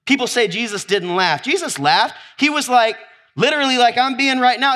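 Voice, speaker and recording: A man's voice: very high voice, animated, fairly quick, sharp tone. A man preaching to a live audience, with call-and-response and exuberant whoops as he acts out scenes.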